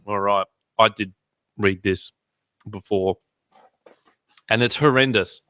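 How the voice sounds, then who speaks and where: A man's voice: lowish voice, slow pace, pushed and bright, clear, resonant tone, no echo. A man hosting a podcast in casual chat, cracking irreverent jokes. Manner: joking, irreverent banter. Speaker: podcast host.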